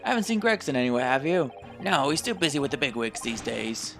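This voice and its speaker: A man voicing a proud, gruff middle-aged British police inspector in a game let's play, loud and huffy, with a British accent. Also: medium pitch, very animated, fast talker, soft background music. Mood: irritated.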